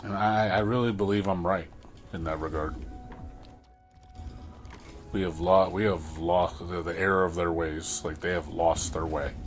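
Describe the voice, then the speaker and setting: A low-pitched man talks through a frustrated, casual rant on his livestream. He keeps stumbling, repeating and restarting his words as he pushes his point. Soft music plays faintly behind him.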